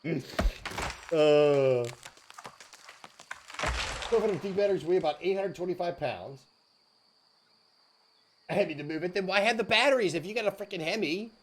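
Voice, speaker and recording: A man's voice: sits high, normal speed, pauses often, noisy background. A man hosting a livestream, chatting casually with viewers in a jokey way and laughing often. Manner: jokey, laughs often, says "dude" and "frickin'". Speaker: livestream host.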